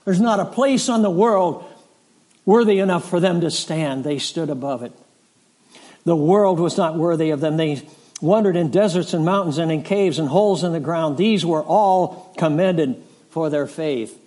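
Man preaching a slow, rising sermon. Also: fairly high pitch, darkish tone. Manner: slow deliberate preaching, rising in force on scripture lists. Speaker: pastor. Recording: audio of a sermon.

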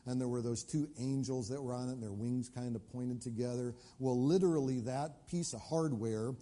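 A man's voice: mid-range voice, moderate pace, mellow. A male pastor preaching a sermon in a conversational way, rising to emphatic questions and urgent appeals.

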